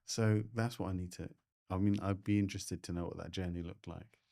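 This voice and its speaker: A podcast host chatting informally and poking fun at himself. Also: male voice, low-pitched, steady tone, fairly quick, gravelly, warm tone. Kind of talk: casual chat.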